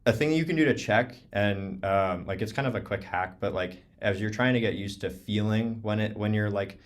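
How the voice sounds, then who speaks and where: A young man with a very low voice teaches clarinet over a video call. He talks loosely and casually, filling his sentences with "um" and "like". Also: moderate pace. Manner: relaxed, many fillers like "um" and "like". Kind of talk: casual online clinic talk.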